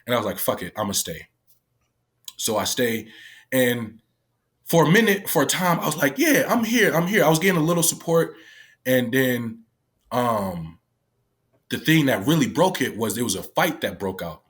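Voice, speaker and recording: A man's voice: medium pitch, big pitch swings, normal speed, long pauses. A man casually recounting a personal story, candid and emotional, swearing often and acting out what others said. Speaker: guest, former youth detention worker.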